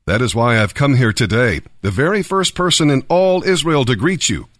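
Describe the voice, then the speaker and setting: A man's voice: mid-range voice, lively intonation, moderate pace, dry recording, studio quality, natural voice. A man reading scripture aloud, voicing a repentant man who pleads with a king for forgiveness. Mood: pleading. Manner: pleading, urgent.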